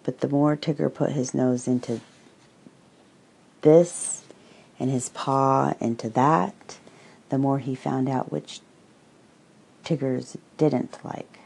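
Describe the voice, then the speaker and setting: Slow, husky woman reading a storybook. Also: very deep voice, fairly even intonation, darkish tone, rough recording.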